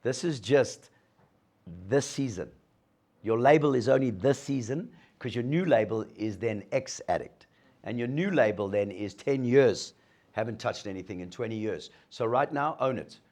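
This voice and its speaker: A man's voice: medium pitch, expressive, moderate pace, a little mellow. A middle-aged man gives a motivational talk to an audience, telling his story and acting out the dialogue. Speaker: guest speaker sharing a recovery story.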